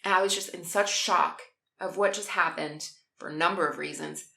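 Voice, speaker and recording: A woman's voice: fairly low pitch, fairly even intonation, moderate pace, creaky, bright, forceful tone. A woman vlogger telling a personal story in a casual, emotional way, with many restarts and asides to her viewers. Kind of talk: casual storytelling while coloring.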